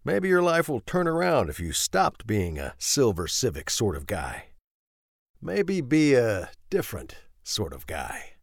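Reader does a gruff, wry mechanic who haggles with a drawl; animated, close and dry. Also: male voice, medium pitch, measured pace, no echo, full character voice. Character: wry, gruff small-town male garage owner. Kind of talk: audiobook character voice.

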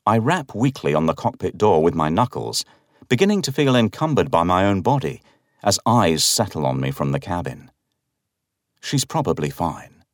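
A man with a very deep voice reads a horror story aloud in the first person. His delivery is dramatic and swings widely in pitch. The recording is dry and close, with no room sound. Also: moderate pace, dry recording. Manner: dramatic, expressive reading.

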